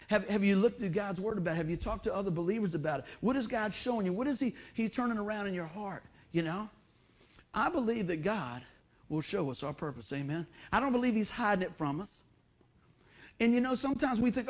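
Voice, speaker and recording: A middle-aged pastor with a notably high voice, preaching to his congregation in a church. He tells homespun stories and drops to near-whispers before bursting out loud. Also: lively intonation, fast talker. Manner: folksy storytelling with dramatic swings between soft and loud. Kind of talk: sermon.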